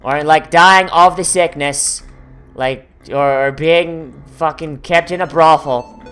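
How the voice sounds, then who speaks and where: An overly cheerful, beaming man, as a gamer puts him on greets the player in a high, sing-song voice from a video game. The pitch jumps far above the gamer's own, and the delivery is bright and bouncy. Faint music sits in the background. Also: steady tone, takes it slowly, clear, resonant tone. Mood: cheery.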